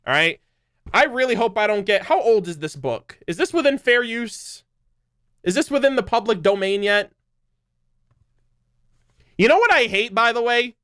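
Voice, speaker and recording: A man's voice: high voice, pushed and bright, clear, resonant tone, no room sound, studio quality. A young man streaming, chatting casually in a rambling, joking way, swearing loosely and laughing often. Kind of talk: casual livestream chat.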